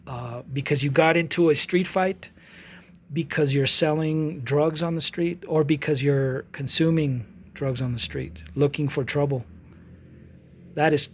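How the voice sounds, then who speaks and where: A man in his forties, an artist talking casually to his channel, rambling with many restarts and acting out both sides of an argument as he tells a story. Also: fairly high pitch. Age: 40s. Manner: rambling, with frequent restarts and repeated words. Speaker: artist vlogger. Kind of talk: casual monologue.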